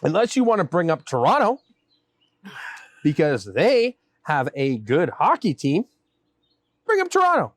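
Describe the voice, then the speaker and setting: Host for backyard banter: man, fairly high voice, dry close sound, mock-exasperated. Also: huge pitch swings, measured pace, long pauses, no room sound. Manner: mock-exasperated, grumbling, teasing. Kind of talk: comedic casual banter. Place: outdoors in a backyard.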